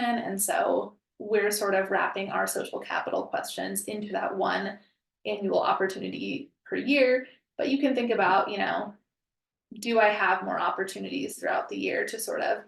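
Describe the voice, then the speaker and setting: Woman presenting a webinar, gravelly tone. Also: mid-range voice, reverberant, distant mic. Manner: conversational, frequent ums and hedging.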